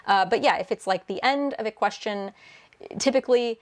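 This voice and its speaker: Speaking at medium pitch and a moderate pace, this translator and video host fields questions from viewers in a relaxed vlog. She is a young native English speaker who chats freely, laughs a lot, and keeps restarting and using fillers.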